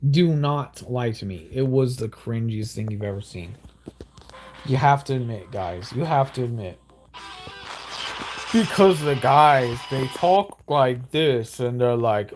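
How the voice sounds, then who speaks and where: A young man giving excitable, rambling gameplay commentary with exaggerated outbursts. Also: medium pitch, a little slow. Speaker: gaming YouTuber.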